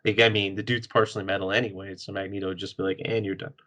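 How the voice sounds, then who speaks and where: A man's voice: low-pitched, level tone, rapid-fire, pushed and bright. A man co-hosting a podcast, chatting casually about comics and laughing often. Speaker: podcast co-host. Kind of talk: casual comic book chat.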